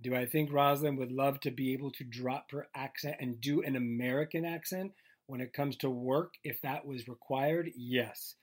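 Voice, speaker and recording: A man's voice: medium pitch, fairly even intonation, moderate pace. Teasing man co-hosting a podcast. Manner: teasing, clears throat often. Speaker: podcast co-host. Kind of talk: casual chat.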